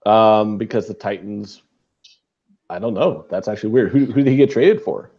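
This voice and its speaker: A man's voice: fairly low pitch, normal speed, warm tone, dull audio. A man co-hosting a podcast, talking bluntly and rambling, with frequent swearing and restarts. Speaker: podcast co-host. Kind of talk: casual chat.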